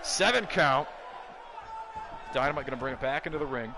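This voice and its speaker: Brief: male play-by-play caller for a wrestling video game, mid pitch, gets loud and excited, clear background noise. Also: rapid-fire, a crowd in the background. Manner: excitable, bursts into shouts at big moves.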